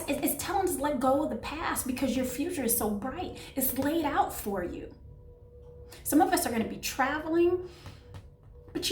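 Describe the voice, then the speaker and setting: A woman giving a casual tarot reading, chatty and affectionate, often searching for words. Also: sits high. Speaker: tarot reader. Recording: echoey room, voice a bit far from mic, soft music behind.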